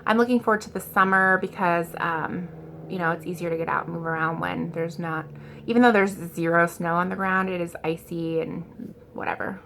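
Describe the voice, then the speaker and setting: A woman's voice: on the low side, steady tone, moderate pace, vocal fry, a bit bright, a little hiss or hum. Scatterbrained woman rambling in a vlog. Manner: scatterbrained, filler-heavy, self-deprecating. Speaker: vlogger.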